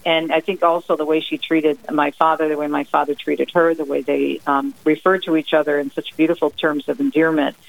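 A middle-aged woman from New Jersey speaks as a guest author on a radio interview. She tells stories emphatically and keeps them lively. She drops into quoted sayings with extra punch. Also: low-pitched, fairly quick, vocal fry, hardly any pauses, poor audio. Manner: lively, emphatic, acts out her mother's sayings. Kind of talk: radio interview, personal storytelling.

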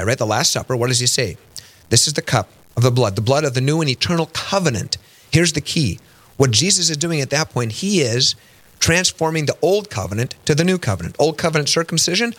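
Guy hosting a faith radio show, voice swinging up and down a lot, keeps asking listeners questions, middling pitch. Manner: animated storytelling, acts out quoted voices with big pitch jumps. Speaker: radio host. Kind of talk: radio faith talk, catechetical teaching. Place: radio studio.

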